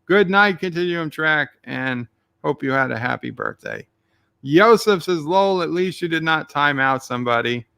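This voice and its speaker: Gravelly bright-voiced man reading stream chat. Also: on the high side, animated, moderate pace, dry recording. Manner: reads chat messages aloud, dry joking asides.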